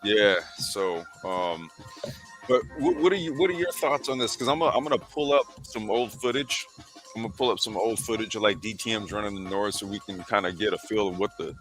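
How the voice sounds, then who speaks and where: Bright-voiced laid-back male host. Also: on the low side, brisk, soft background music. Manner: laid-back, slangy, reads history aloud with frequent fillers. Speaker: podcast host. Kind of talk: casual sim racing chat.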